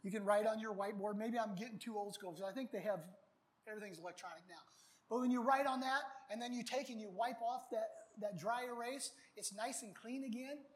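Folksy, animated preaching man. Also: high voice, a little fast. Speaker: pastor. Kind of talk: outdoor baptism sermon.

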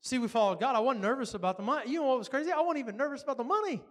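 A man's voice: very high-pitched, racing. A man preaching a sermon, telling stories and acting out dialogue with frequent laughs. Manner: animated, acts out dialogue, laughs often. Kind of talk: sermon storytelling.

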